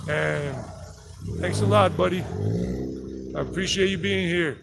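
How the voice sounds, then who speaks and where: A man's voice: fairly high pitch, expressive, unhurried, gravelly, long pauses, very noisy. A man with a Southern US accent, from South Carolina and Georgia, walking outdoors and chatting rambly through a street tour while greeting viewers. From South Carolina and Georgia, USA. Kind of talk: live-streamed walking tour narration. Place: outdoors on residential streets with passing traffic.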